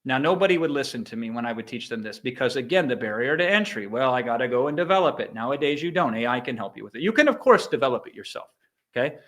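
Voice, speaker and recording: A middle-aged American man giving an energetic motivational business talk, emphatic and animated. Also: medium pitch, fast talker. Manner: animated, emphatic, mimics sound effects. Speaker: guest speaker on a live business training.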